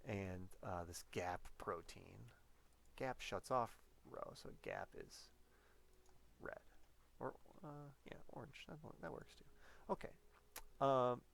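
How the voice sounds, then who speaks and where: A man's voice: fairly low pitch, creaky. A man giving a casual whiteboard biology lecture, playful and rambling, often correcting himself as he goes.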